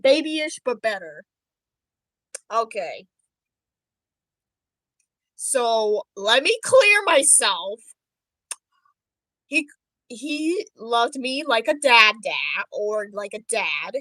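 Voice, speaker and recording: A woman plays a doting animatronic rabbit father in a high, lively voice that swoops up and down. He talks slowly and chattily, breaks into giggly, flustered outbursts, and sounds bright and close in a dry space. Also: no echo, exaggerated voice, rough recording. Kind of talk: livestream role-play chat.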